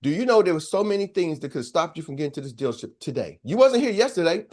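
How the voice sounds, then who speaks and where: A middle-aged sales coach delivers a motivational speech, telling stories preachily and calling out to his audience. His voice is a little high and darkish in tone, very animated, and fast.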